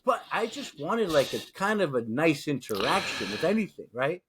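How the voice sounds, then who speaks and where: A man from New York co-hosting a podcast, telling stories in a loose, profane, animated way. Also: on the high side, normal speed, slight background noise. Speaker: podcast co-host. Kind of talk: casual podcast chat.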